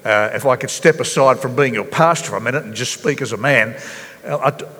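A man preaching a sermon as pastor, earnest and halting, with many fillers and restarts. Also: medium pitch, pushed and bright, husky, big-room sound. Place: church hall.

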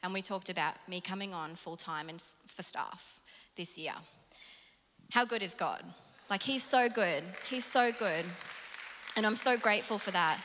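A woman preaching a sermon from personal stories, animated and self-mocking, laughing often. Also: medium pitch, normal speed, slight background noise. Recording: long hall reverb.

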